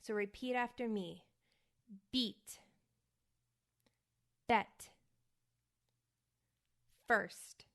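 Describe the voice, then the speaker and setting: An American woman, an acting coach and podcast host, gives a relaxed spoken lesson on her show, speaking single words slowly and carefully for the listener to repeat. Her voice is medium in pitch, and she sounds a little worn out and as though she's feeling hot.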